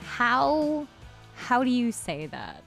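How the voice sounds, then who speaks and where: A woman's voice: on the high side, huge pitch swings, slow pace, creaky, a bit bright, faint music behind. A young woman from Connecticut, a personal trainer co-hosting a podcast, chatting playfully and teasing with frequent laughs. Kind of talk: casual chat.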